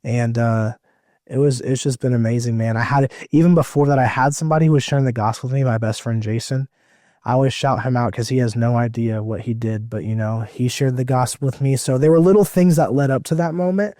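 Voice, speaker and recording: A man's voice: medium pitch, fairly even intonation, a little fast, mellow, no room sound, clean studio sound. Emotional young man sharing his testimony. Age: 20s. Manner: rambling, many fillers and restarts, emotional. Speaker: evangelist guest. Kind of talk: personal testimony in conversation.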